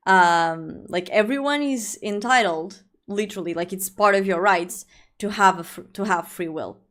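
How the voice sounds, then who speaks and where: A woman's voice: mid-range voice, normal speed, a bit bright. A young woman livestreaming, chatting casually with viewers in a rambling way, full of fillers and restarts.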